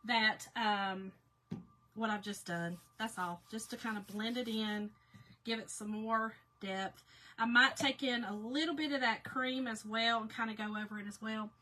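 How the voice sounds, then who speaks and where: A woman hosting a casual live painting chat, reading out viewer comments in a folksy way, her voice going hoarse. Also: fairly high pitch, sharp tone, slight background noise. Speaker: crafting livestream host.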